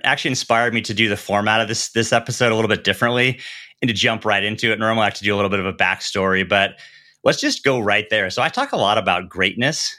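Podcast host guy, lowish voice but bright and punchy, quick friendly questions. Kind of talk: scripted intro, then interview questions.

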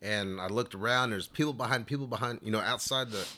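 A man's voice: lowish voice, quick pace, sharp tone. A man telling a long story in casual interview talk, rambling along with plenty of "you know" fillers. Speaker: flute player telling a story.

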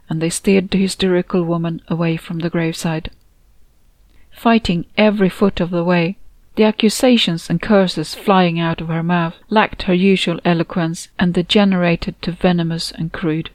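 A woman reading her own novel aloud in steady, descriptive audiobook narration. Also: lowish voice, dry recording. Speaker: author and narrator.

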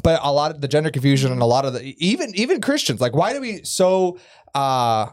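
Brief: male co-host on a faith chat show, animated intonation, jokes then turns earnest. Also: on the high side, brisk. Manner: joking, then earnest teaching. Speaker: podcast co-host. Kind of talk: casual faith discussion.

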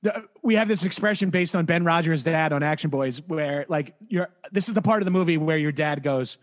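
Excitable male podcast co-host, high voice, profane and animated. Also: a little fast. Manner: excited, profane, mimics lines. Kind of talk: casual movie discussion.

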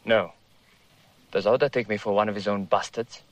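An actor playing a proud young desert sheikh in a film, answering in curt, cold retorts. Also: male voice, fairly low pitch, fairly even intonation, moderate pace, dry recording, natural voice, low-quality recording.

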